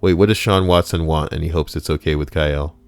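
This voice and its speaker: A man's voice: extremely low pitch, fairly even intonation, fast, smooth, soft background music. A man streaming from home, reading stories aloud with wry, joking asides to his chat.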